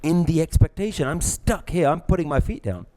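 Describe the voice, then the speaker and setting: A middle-aged man, teaching a live class, lively, acting out little scenes and laughing often. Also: fairly high pitch, brisk. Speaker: spiritual teacher.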